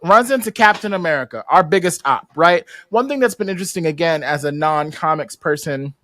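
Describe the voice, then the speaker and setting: Podcast guy with a high voice, dry close mic, retelling the episode like gossip and doing everyone's lines. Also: brisk, dry recording. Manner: animated storytelling, quoting characters in slangy voices. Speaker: podcast host. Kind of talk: casual recap among friends.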